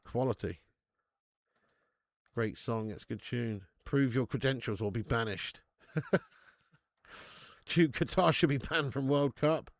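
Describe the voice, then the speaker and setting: Male stream host, middle pitch, slangy jokey banter, dry close sound. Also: slow pace, long pauses, no echo. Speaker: football watch-along host. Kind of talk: live stream commentary and chat.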